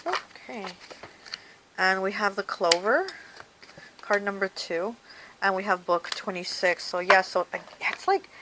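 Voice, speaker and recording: A woman's voice: mid-range voice, unhurried, long pauses, background noise. A woman doing a casual tarot card reading, talking straight to the viewer in a chatty way and often saying "okay" and "you know.". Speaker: tarot reader.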